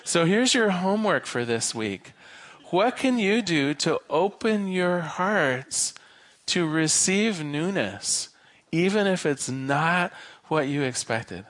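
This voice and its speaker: A man minister giving a sermon, an animated storyteller who shifts between quick and slow delivery. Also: on the high side, no room sound. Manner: animated storyteller, varies his pace.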